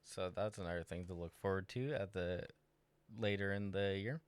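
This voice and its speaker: A man's voice: low voice, moderate pace, clean tone, no room sound. Chuckling storyteller man, dry sound. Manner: storytelling, chuckles through his own jokes. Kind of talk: casual chat.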